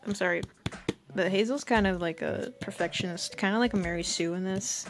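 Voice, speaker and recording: A young woman reads her old teenage story aloud and mocks it with sarcastic, giggly asides. Her voice sits at a middling pitch. Faint music plays underneath. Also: sing-song, moderate pace, pauses often, a bit bright. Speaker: vlogger.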